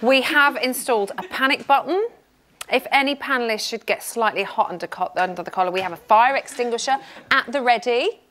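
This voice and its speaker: A woman's voice: on the high side, fairly quick. Bubbly woman hosting a studio show. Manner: bubbly, giggly presenting. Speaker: host. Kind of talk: studio chat show presenting. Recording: studio with loud audience and music.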